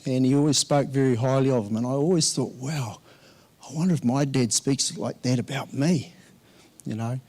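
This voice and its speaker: Man delivering a memorial tribute, halting with frequent restarts, mid-range voice. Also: medium pitch, darkish tone. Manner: halting, with many fillers and restarts. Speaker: eulogy speaker. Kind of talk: memorial speech.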